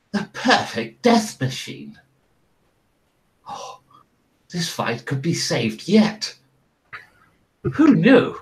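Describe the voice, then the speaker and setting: A man voicing an excitable, posh older English lord who gushes theatrically. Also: a little high, extremely slow, pauses often, voice pushed up, heavily acted, low-quality recording. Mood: gleeful.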